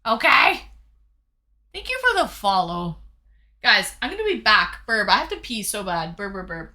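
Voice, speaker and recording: Bubbly woman streamer, very bright and lively, effusive casual chat. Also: mid-range voice, normal speed. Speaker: streamer hosting viewer dates.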